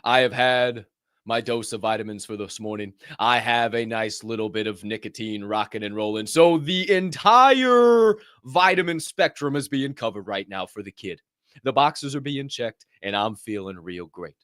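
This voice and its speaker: A man hosting a morning motivational show, talking playfully with loud bursts and hushed asides between sips of coffee. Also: mid-range voice, moderate pace, dry recording, clean studio sound. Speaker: podcast host. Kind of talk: energetic morning show monologue.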